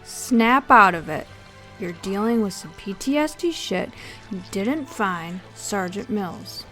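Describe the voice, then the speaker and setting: A man voicing a tough young female soldier who barks sharp orders in an audiobook. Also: sits high, very slow, soft background music, pitched above the performer's own voice, exaggerated voice. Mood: harsh. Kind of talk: audiobook character reading.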